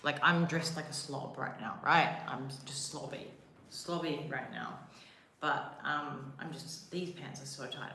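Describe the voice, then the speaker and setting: A woman's voice: sits low, a bit bright, reverberant, slight background noise. A young woman with a New Zealand accent chatting casually on a live stream, rambling and self-deprecating with lots of "like" fillers. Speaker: livestreamer. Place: rented villa room, indoors.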